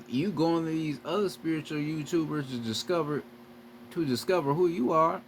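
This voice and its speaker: A man's voice: fairly high pitch, slight background noise. A man giving a profane, repetitive spiritual lecture straight to his viewers as a video creator. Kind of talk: preachy lecture to camera.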